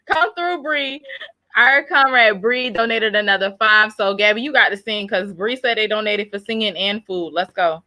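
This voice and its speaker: A woman's voice: mid-range voice, moderate pace, bright, forceful tone, dry recording. A woman hosting a livestream, chatting casually and coaxing viewers to donate with slangy hype. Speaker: livestream host. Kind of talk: casual fundraising chat.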